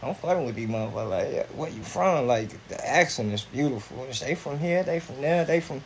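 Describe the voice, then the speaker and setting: A man's voice: mid-range voice, brisk, slight background noise. A man in his forties from Indiana, chatting casually on a podcast, telling rambling, profane stories and laughing often. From Indiana, USA. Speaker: podcast co-host. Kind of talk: casual chat.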